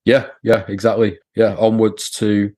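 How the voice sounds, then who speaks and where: Low-voiced English host, chatty. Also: male voice, level tone, unhurried, a little mellow. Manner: friendly, with short backchannel replies. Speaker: podcast host. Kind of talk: casual interview chat.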